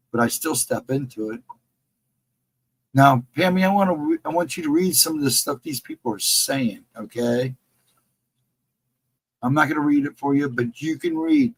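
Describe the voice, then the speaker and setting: A man's voice: mid-range voice, creaky, husky, poor audio. A middle-aged man co-hosting a casual livestream chat, talking in an earnest, encouraging way and repeating his advice. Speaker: livestream co-host.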